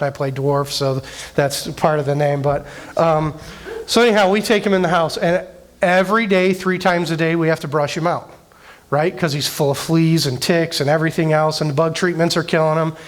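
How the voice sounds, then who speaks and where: A middle-aged male youth director with a slightly high voice tells an emotional personal story during a conversational sermon, using many fillers.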